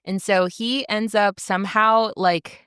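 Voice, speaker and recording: A woman's voice: medium pitch, fairly even intonation, unhurried, a bit bright, smooth, dry recording, clean studio sound. A woman co-hosting a podcast, chatting enthusiastically and casually, with lots of filler words. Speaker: podcast co-host. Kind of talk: casual chat.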